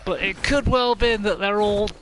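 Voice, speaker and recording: A man streaming a video game, chatting casually, excitable and laughing often as he talks to himself. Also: high voice, normal speed, noisy background. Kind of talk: casual gameplay commentary.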